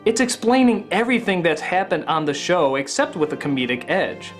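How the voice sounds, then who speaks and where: A man hosts a comedic review rant, exaggerating his reactions and often breaking into yelling. His pitch leaps all over the place. Music plays clearly underneath. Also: very animated, brisk.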